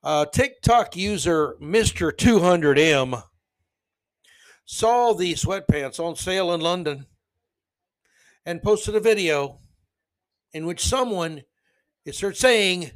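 A man's voice: high-pitched, lively intonation, slow, pauses often, no room sound. Sarcastic man reading news aloud. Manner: mocking, sarcastic asides, snorting laughs. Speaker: podcast host.

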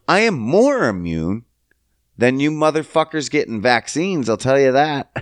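A young adult man from Canada hosting a solo comedy podcast, profane and sing-song, jumping up high for silly bits. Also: big pitch swings, a little slow, no echo, clean studio sound. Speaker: podcast host.

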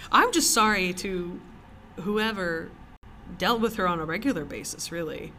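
A woman co-hosting a podcast in a cellar, telling stories in casual chat as an animated storyteller who laughs often. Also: on the low side, normal speed, a little hiss or hum. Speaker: podcast co-host.

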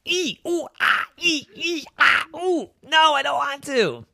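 A man voicing a brash woman pirate captain in a high, excitable voice for a bedtime story. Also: moderate pace, slight background noise, close to an everyday voice. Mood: excited. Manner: high excitable squeaky delivery.

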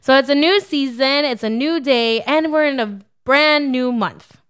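Her voice sits high and her pace is unhurried as this young woman co-hosts a relaxed faith-based podcast. Upbeat and laughing often, she can come across as slightly preachy.

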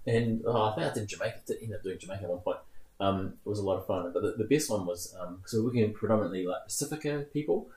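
A man's voice: fairly low pitch, quick pace. A man in his thirties with a New Zealand accent, rambling through stories in casual chat. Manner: rambling, animated, laughs while telling stories. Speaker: guest. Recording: roomy echo.

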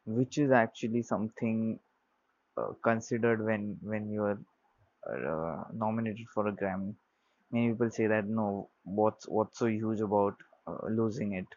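A man in a casual vlog, rambling about music with many fillers, restarts and grammar slips. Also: lowish voice. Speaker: vlogger talking about his music taste. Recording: dull lo-fi sound.

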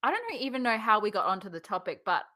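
A young woman hosting a podcast, chatting casually and telling stories in a lively way. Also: mid-range voice, racing, no room sound, studio quality. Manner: lively storyteller, laughs through anecdotes. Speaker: podcast host. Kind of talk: casual chat.

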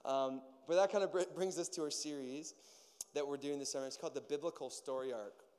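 A man preaching a casual sermon as pastor, an animated storyteller with many fillers and acted-out voices. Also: a little high, brisk. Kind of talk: casual sermon with personal stories. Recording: long hall reverb.

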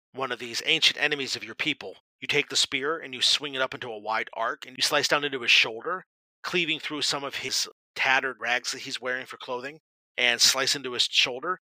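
Bright-voiced male game master narrating. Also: mid-range voice, dry recording, rough recording. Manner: vivid dramatic narration.

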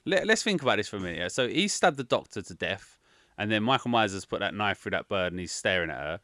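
A young man rants about a film in a casual podcast chat, his voice jumping all over the place. The tone is bright and forceful, and the sound is dry and close, with no room around it. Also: on the low side, fast talker, dry recording. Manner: animated, swearing, exasperated rants.

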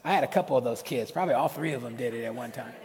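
A middle-aged man preaching a sermon as pastor, lively and conversational, with slang and call-outs to the congregation. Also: medium pitch, rapid-fire. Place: church hall. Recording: long hall reverb.

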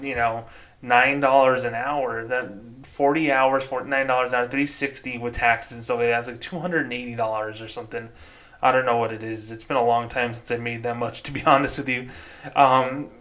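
A man's voice: medium pitch, a bit bright. A man hosting a solo podcast, ranting casually with frequent swearing and restarts. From New Mexico, United States. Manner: profane, exasperated, rambling. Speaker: podcast host.

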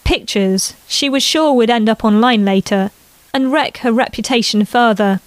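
A woman narrating a family story in an unhurried reading voice. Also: on the high side, no echo.

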